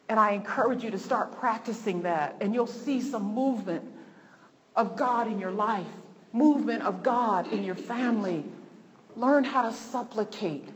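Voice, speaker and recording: Fervent woman preaching in a reverberant hall. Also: mid-range voice. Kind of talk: sermon. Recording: long hall reverb, faint noise.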